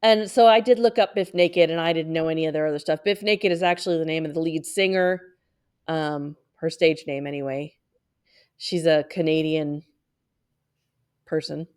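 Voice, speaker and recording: Giggly low-voiced woman co-host. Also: steady tone, moderate pace, darkish tone, clean tone. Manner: giggly, lots of fillers. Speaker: podcast co-host. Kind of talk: casual chat recapping an episode. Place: home, on a video call.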